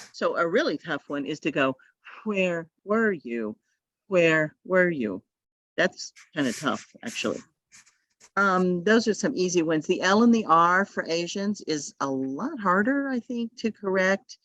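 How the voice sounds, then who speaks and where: A woman's voice: sits low, dry recording. Woman trainer demoing sounds on zoom, kinda muffled and dry. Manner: demonstrates sounds, models student speech. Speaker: adult ESL trainer. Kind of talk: training talk over video call. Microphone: video call audio. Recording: dull, dry video call audio.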